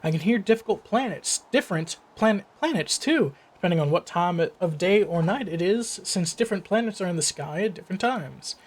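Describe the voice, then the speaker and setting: Guy reading out a calm alien villager's lines, nearly his own voice, fairly high. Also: fairly quick, hardly any pauses. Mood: friendly. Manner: plain read-aloud delivery. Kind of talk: reading game dialogue aloud.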